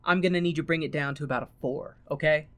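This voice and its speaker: A man's voice: fairly high pitch, steady tone, very fast, fairly bright tone. A man co-hosting a podcast with his spouse, casually teasing and making crude jokes. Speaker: podcast co-host.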